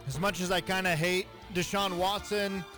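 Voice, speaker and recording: A man hosting a sports radio show in casual, joking talk with quick asides. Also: sits high, fairly even intonation, pushed and bright, soft background music.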